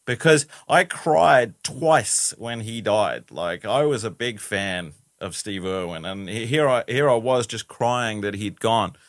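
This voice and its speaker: A man's voice: on the low side, lively intonation, measured pace, few pauses, fairly bright tone, no echo, clean studio sound. A man, a guest in a casual interview who rambles and restarts his sentences, often adding "you know".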